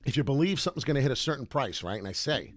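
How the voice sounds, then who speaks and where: Animated, rambling crypto stream host, a man. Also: mid-range voice, rapid-fire, no room sound. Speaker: crypto trading show host. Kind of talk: rambling livestream talk.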